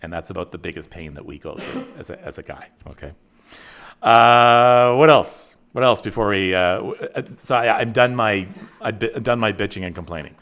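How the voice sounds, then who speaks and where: Middle-aged male host, chatty and self-deprecating, lively swooping delivery. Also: fairly low pitch, moderate pace. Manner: animated, rambling, self-mocking, with frequent restarts. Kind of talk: casual livestream chat with viewers.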